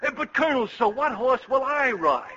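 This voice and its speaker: Jenkins, a giggly, dopey young private. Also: male voice, very high voice, sing-song, normal speed, sharp tone, a little hiss or hum, heavily acted. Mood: eager. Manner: giggly, gullible, stammering. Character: naive, eager young male army private. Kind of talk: vintage radio comedy acting. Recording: lo-fi old radio recording.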